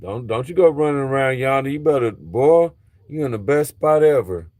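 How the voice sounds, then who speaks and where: A man's voice: mid-range voice, expressive, moderate pace, darkish tone, dry recording. A middle-aged man chatting loosely with viewers on a livestream while working on a truck. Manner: loose, chatty, talks straight to viewers in slang. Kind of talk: casual live chat while working on a truck.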